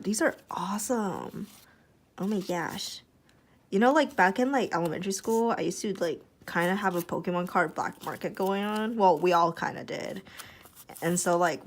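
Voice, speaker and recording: A young woman vlogging as she opens a package, casual and excitable, squealing and giggling often. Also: medium pitch. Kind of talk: casual unboxing chat.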